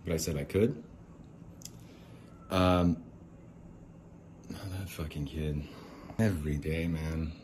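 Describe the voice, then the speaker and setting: A man hosting a podcast, ranting in exasperation, swearing and swinging between low mutters and sharp outbursts. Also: fairly even intonation, takes it slowly, pauses often, a little hiss or hum. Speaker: podcast host. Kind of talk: angry ranting monologue. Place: home near a window.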